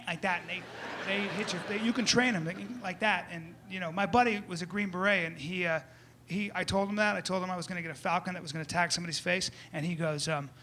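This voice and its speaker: A man performing stand-up comedy before a live audience, animated, with loud outbursts and acted-out voices. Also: high-pitched. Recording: live room with crowd noise.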